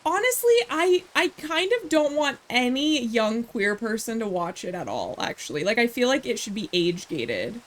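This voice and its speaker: A woman's voice: a little high, big pitch swings, normal speed, hardly any pauses. A woman streaming a game, chatting casually in a rambling way, with sarcastic asides. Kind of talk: casual gameplay chat.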